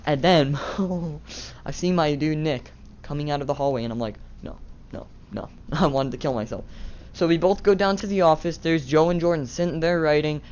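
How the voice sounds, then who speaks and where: A man's voice: on the high side, a little fast, darkish tone, clean tone, muffled recording. A teenage boy vlogger tells a casual, rambling story, swearing and laughing at himself.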